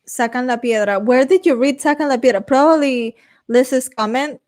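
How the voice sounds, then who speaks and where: A woman's voice: sits high, normal speed, darkish tone. A young woman streamer chatting casually with her chat and reading comments aloud, rambling, swearing now and then and slipping into Spanish.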